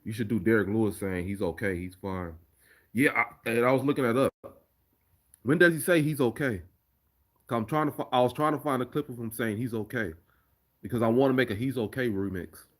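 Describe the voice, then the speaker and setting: Speaking fairly quickly in a mid-range voice, this man rambles through a relaxed live stream, answering viewer comments about fights and his remixes and frequently starting sentences over.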